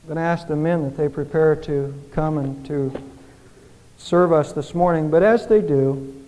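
A man's voice: on the high side, normal speed, warm tone, slight background noise. A man preaching a sermon as pastor, earnest and pleading, with rhetorical questions that rise and fall in intensity. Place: church sanctuary. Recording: church hall with long reverb.

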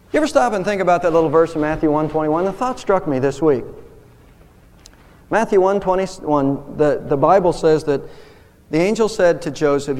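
A male pastor delivers a sermon in a high, lifted voice, climbing even higher as he presses his points. His words ring out with the long reverb of a church sanctuary. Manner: impassioned preaching, voice rising on key points.

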